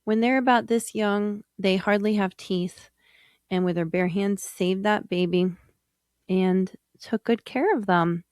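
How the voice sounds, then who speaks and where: A woman hosting a podcast, telling a personal story in a gentle, earnest way. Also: lowish voice, dry recording, clean studio sound. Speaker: podcast host, psychologist.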